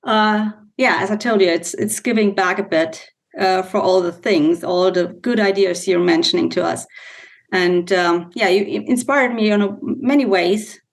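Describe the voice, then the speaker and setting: A woman from Germany with a German accent, a podcast guest speaking English thoughtfully with pauses and fillers over a video call. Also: medium pitch. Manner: thoughtful, hesitant, many fillers. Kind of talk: casual interview chat.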